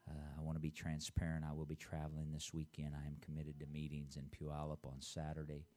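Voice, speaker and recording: A man, the pastor, giving church announcements and then preaching a sermon, leading call-and-response and reading scripture aloud slowly. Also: a bass voice, monotone, dark tone. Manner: reads scripture aloud in a slow, drawn-out voice.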